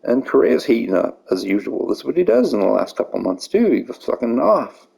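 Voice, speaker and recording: Gravelly, profane man ranting over a game. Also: mid-range voice, very animated, fairly quick, dark tone, rough recording. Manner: profane, ranting, gets heated over calls. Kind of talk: casual gameplay commentary.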